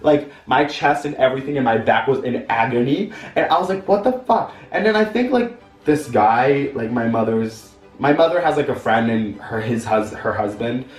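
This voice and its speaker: A man's voice: animated, moderate pace. Young guy doing a campy storytime, voice jumps all over, echoey room kinda far from the mic, music under it. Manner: campy, dramatic, swings into high-pitched voices. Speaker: vlogger. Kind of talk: storytime vlog.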